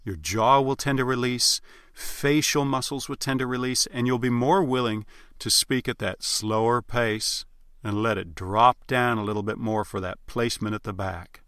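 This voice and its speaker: A man teaching accents as a dialect coach, explaining sounds in a measured, instructional way and demonstrating examples. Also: mid-range voice, fairly even intonation, a bit bright, clear, resonant tone, no room sound, clean studio sound. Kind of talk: instructional narration.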